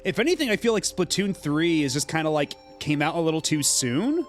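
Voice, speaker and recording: Animated chatty man streaming. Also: fairly high pitch, fairly quick, soft background music. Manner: rambling and chatty, lots of fillers. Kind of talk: casual gameplay commentary.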